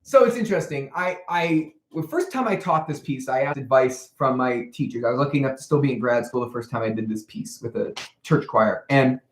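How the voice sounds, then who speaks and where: A man's voice: medium pitch, brisk, hardly any pauses, a little hiss or hum. A young man leading a choir rehearsal, counting in the singers, singing lines to demonstrate and explaining the music. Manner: animated, counts in and sings demonstrations. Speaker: choir director. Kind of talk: choral rehearsal instruction. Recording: echoey room with piano.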